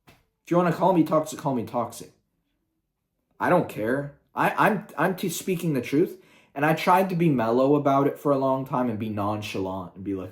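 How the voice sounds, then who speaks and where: A man's voice: mid-range voice, animated, moderate pace. A young man ranting heatedly on his video channel, swearing often and sounding combative. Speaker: YouTuber.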